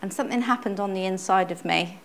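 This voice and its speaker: A middle-aged woman shares her testimony from the pulpit in an earnest, conversational way. Her voice sits at an ordinary middle pitch, and she often stumbles and restarts a phrase before pressing on. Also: quick pace, a little hiss or hum. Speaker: church speaker, pastor's wife. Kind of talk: personal testimony sermon.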